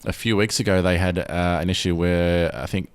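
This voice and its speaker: A man's voice: low voice, fairly even intonation, normal speed, smooth. A man hosting a podcast, chatting loosely and often restarting his sentences. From Australia. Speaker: podcast host. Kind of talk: casual podcast chat.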